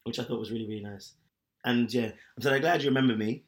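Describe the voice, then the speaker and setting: A man's voice: medium pitch, fast talker. A man co-hosting a podcast, telling a story in casual chat with lots of laughs. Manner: animated storytelling, laughs often. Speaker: podcast co-host.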